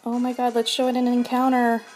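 A young woman streaming a video game, breathless and shaking with excitement, gushing and repeating her exclamations. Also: a little high, fast, soft background music. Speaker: shiny hunting streamer. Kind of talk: excited live game commentary.

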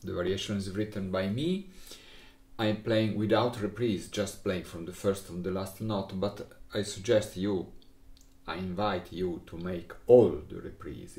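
Italian guy teaching recorder in broken english, lowish voice, echoey room. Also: dark tone. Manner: halting non-native English, sings rhythms with syllables. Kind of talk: music lesson.

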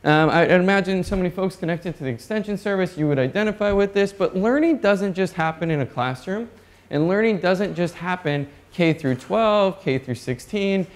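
A young man from North Dakota giving a lively, jokey conference keynote and asking the audience questions. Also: sits high, normal speed. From North Dakota, USA. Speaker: keynote speaker. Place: conference hall.

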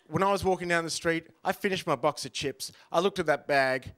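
A man's voice: on the high side, fairly quick, few pauses, a bit bright. A man in his thirties doing a rambling, self-deprecating stand-up set, full of ums and uhs. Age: 30s. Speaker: stand-up comedian.

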